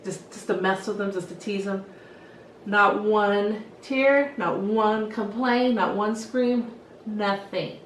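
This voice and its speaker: A middle-aged woman hairstylist telling stories in a casual, lively way and acting out what she said to the kids. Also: mid-range voice, takes it slowly, slight background noise. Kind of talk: casual storytelling to camera. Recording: echoey room, voice from some distance.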